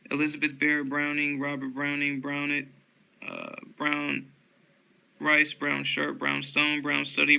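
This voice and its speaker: Slow, flat, gravelly man reading word lists. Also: medium pitch, poor audio. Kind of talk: reading dictionary entries aloud.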